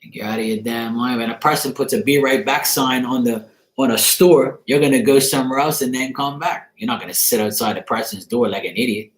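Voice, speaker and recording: A man's voice: mid-range voice, a little fast, hardly any pauses. Profane, laughing man ranting casually. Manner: profane, laughing, animated storytelling. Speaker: tarot channel host. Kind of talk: casual rant to camera. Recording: roomy echo.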